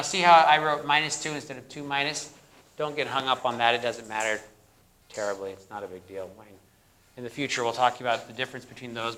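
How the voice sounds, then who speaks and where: Male lecturer, bright forward tone, slightly high; interactive classroom style, quizzing and joking. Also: a little hiss or hum. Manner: questions the class and echoes their answers; jokey, plays up corny jokes. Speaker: university biochemistry lecturer. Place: lecture hall.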